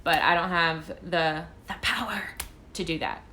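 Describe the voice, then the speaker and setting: Woman, tarot reader, bright voice, casual live-stream chat, rambling, self-deprecating, phone mic. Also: lowish voice, measured pace, slight background noise. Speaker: tarot reader answering viewer questions.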